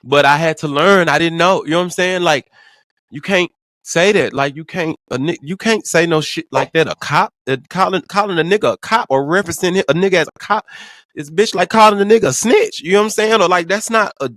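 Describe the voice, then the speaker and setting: A man vlogging, telling an emotional personal story in profane slang, stammering and swinging from hushed to excited. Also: high-pitched, brisk, dry recording.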